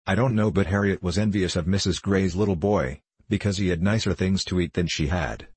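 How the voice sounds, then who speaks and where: A man reading an audiobook, voicing a patient mother who speaks in a measured, gently admonishing way. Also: low voice, husky, no room sound. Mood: grave.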